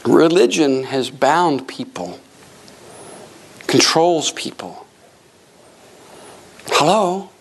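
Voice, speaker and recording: A middle-aged man preaching a sermon, telling stories and acting out voices in a jokey, animated way. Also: a little high, very slow, pauses often, slightly rough. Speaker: pastor. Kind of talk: lively sermon with storytelling.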